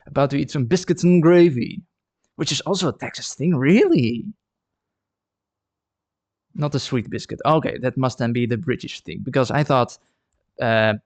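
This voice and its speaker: A man's voice: medium pitch, moderate pace, pauses often, dry recording. A chatty man from the Netherlands, talking casually on a live stream from his art studio and often repeating words as he thinks. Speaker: ceramic artist streaming live. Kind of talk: casual livestream chat.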